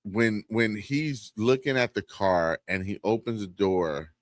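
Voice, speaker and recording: A man's voice: fairly low pitch, a little slow, no echo, clean studio sound. A man co-hosting a podcast, talking casually and emphatically, with joking asides. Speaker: podcast co-host. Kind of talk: casual review chat.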